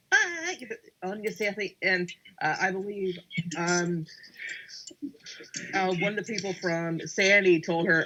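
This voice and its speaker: A man, part Scottish, chatting excitedly on a casual podcast, rambling with lots of restarts. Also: sits high, moderate pace, low-quality recording. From half Scottish. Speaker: podcast panelist.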